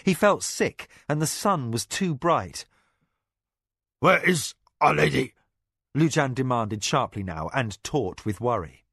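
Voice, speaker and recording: A man narrating a fantasy novel in an expressive, dramatic reading. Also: medium pitch, unhurried, no echo, studio quality. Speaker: audiobook narrator. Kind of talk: scripted narration.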